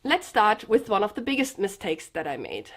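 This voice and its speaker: A young woman with a German accent talks straight to camera in a confessional vlog. Her voice sits at a middle pitch, and her delivery is earnest and hesitant, full of fillers and restarts. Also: huge pitch swings, normal speed. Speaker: vlogger.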